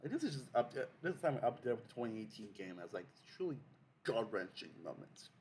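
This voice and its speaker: A man's voice: mid-range voice, very animated, quick pace, a little mellow, a little hiss or hum. A young man hosting a casual video essay, rambling with many fillers and restarts.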